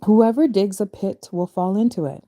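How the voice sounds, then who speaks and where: A woman's voice: mid-range voice, normal speed, mellow, no echo, clean studio sound. A woman casually reading scripture verses aloud and explaining them in loose, chatty asides, often restarting her phrases and laughing easily. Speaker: spiritual reader.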